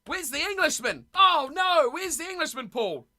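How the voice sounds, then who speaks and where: A woman's voice: high voice, lively intonation, normal speed, pushed and bright. A woman streamer chatting casually with her live chat, blunt and opinionated, often losing her train of thought.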